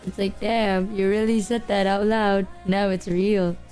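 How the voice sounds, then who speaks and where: A woman's voice: mid-range voice, level tone, a little slow, a little mellow, soft background music. A woman streaming, chatting casually in a breezy, matter-of-fact way with frequent giggles. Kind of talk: casual chat.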